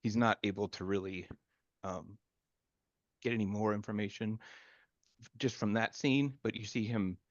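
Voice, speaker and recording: A low-voiced man narrates a tabletop game as its game master, stopping often to search for words. His voice sounds dry and close, with no room around it. The stream audio is slightly dull and muffled. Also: steady tone, no echo. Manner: halting, filler-heavy narration.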